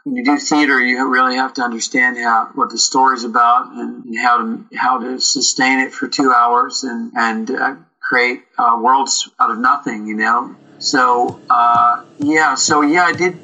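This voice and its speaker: A man, an actor, telling rambling, animated stories in an interview, with many fillers and restarts. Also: medium pitch, a little slow, few pauses, muffled recording. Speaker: actor, guest. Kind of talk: casual storytelling interview.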